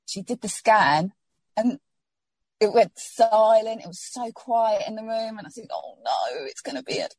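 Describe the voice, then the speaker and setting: A woman's voice: on the high side, expressive, unhurried, darkish tone, husky, no echo. A woman telling her personal story in an interview, heartfelt and rambling with many restarts, getting emotional.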